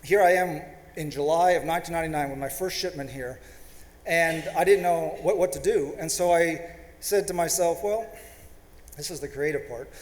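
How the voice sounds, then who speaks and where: A man's voice: fairly high pitch, normal speed. A man in his fifties, a panelist telling an anecdote with self-deprecating humor and acting out quoted dialogue. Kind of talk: storytelling talk on a panel. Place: lecture hall. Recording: echoey hall with long reverb.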